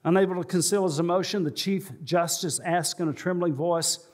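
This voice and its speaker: A male pastor preaching a sermon in a church, telling a story and slowing and rising in pitch for emphasis. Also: darkish tone. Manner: storytelling, slows and rises for emphasis. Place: church sanctuary.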